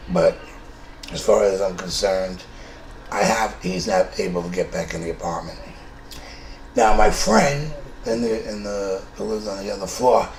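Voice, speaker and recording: A man in his fifties from New York, with a fairly low, creaky voice and a New York accent, bluntly relays a true story, swearing as he chats. The recording is roomy with faint noise.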